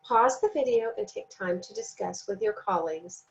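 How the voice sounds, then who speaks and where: A woman giving a recorded training lesson, speaking slowly and deliberately and sounding out words syllable by syllable. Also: mid-range voice, animated, poor audio. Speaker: teacher trainer.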